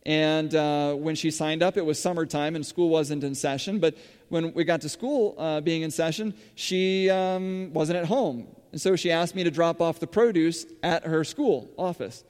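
A man's voice: a little high, normal speed, a little mellow, clear, resonant tone. Man preaching in a reverberant hall. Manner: conversational, with frequent fillers and restarts. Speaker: church speaker running a school farm. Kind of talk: sermon-style storytelling.

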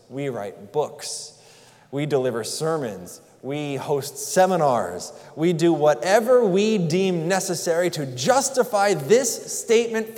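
Male pastor, earnest conversational sermon, fairly high voice, reverberant hall. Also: a little mellow. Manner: earnest, conversational preaching with rhetorical questions. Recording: long reverb in a large hall.

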